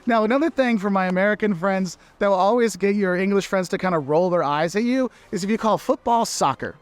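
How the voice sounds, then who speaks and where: A man with a notably high voice gives casual advice from his life in England. He talks in a chatty, emphatic way, pressing his points home. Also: brisk. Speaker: vlogger living in England.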